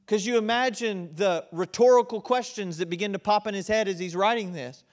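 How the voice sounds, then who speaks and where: A man with a high voice delivers an impassioned sermon. He drives his points home with force, then drops low and quiet to press them in. He sounds middle-aged. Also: brisk. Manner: impassioned preaching, swings between loud emphasis and quiet intensity. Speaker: pastor.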